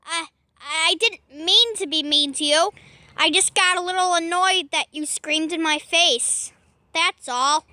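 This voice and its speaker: A woman's voice: extremely high pitch, measured pace, pushed and bright, no echo, exaggerated voice. Woman doing a sighing, weary ghost puppet. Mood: exasperated. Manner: sighing, exasperated, stammering. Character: weary, easily annoyed male puppet ghost. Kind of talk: homemade toy skit.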